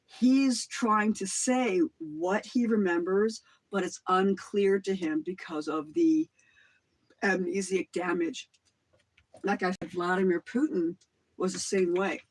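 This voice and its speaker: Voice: mid-range voice, slow, poor audio. A middle-aged livestream host in a casual monologue, rambling between claims and swearing casually.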